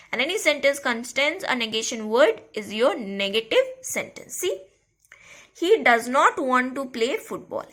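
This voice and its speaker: A woman teaching a grammar lesson to a school class, repeating key phrases and checking in with "okay?" and "clear?". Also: high voice, a bit bright.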